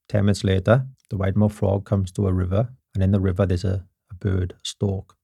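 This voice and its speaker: A man's voice: deep voice, monotone, a little fast, creaky, few pauses, dark tone, breathy edge, no echo, studio quality. A Welsh man hosting a podcast, telling stories with passion and self-mocking humor. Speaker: podcast host. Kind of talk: casual chat.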